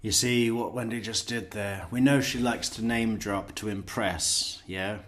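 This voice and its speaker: A man's voice: on the low side, fairly even intonation, a little slow, a bit bright, slight background noise. A man giving blunt, sarcastic commentary on an interrogation video, and breaking into mocking impressions of the people in it. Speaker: true crime commentator.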